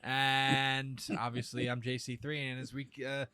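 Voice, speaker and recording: A man hosting a casual comedy podcast, brash and excitable, cursing freely. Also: mid-range voice, measured pace, clear, resonant tone, dry recording. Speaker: podcast host.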